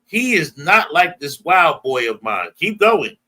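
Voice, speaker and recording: A man with an American accent teaches a Bible class in a high-leaning, sharp, very animated voice at a slightly slow pace. Emphatic and working in call-and-response, he prompts a reader and retells verses in everyday slang.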